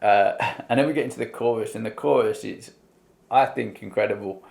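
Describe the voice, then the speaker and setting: Gravelly-voiced British man reacting to music. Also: on the low side, fairly quick, darkish tone. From United Kingdom. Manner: enthusiastic, rambling, many fillers. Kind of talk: casual reaction commentary.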